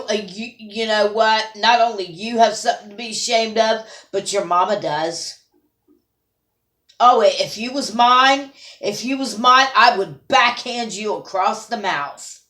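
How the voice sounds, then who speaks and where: A woman ranting to camera in an angry, scolding, at times tearful vlog. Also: medium pitch. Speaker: vlogger. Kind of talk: emotional rant to camera. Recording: roomy echo.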